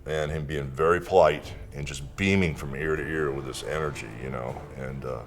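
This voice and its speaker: An older man remembers an old meeting in a relaxed, unhurried way. His voice sits extremely low, a deep rumbling bass. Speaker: interviewee, wrestler. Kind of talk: documentary interview reminiscence.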